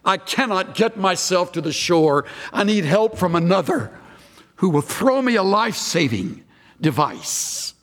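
A man preaching an earnest expository sermon, slowing down to stress key phrases. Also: high voice, big pitch swings. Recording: long hall reverb.

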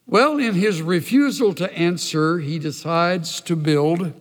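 A man's voice: fairly high pitch, slow pace. A male preacher giving an emphatic sermon that tells the story as he goes. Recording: long hall reverb.

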